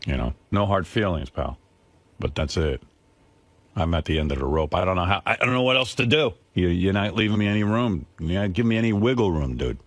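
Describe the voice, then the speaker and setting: A man's voice: low-pitched, expressive, brisk, no echo. A man hosting a radio show, rambling and exasperated as he tells a story. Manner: rambling, exasperated, self-deprecating. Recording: dry studio sound.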